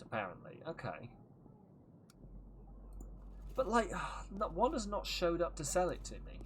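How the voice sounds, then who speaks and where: A man's voice: mid-range voice, fairly bright tone, a little hiss or hum. Rambling, jokey male game streamer. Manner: rambling, jokey, laughs often. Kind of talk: casual gameplay commentary.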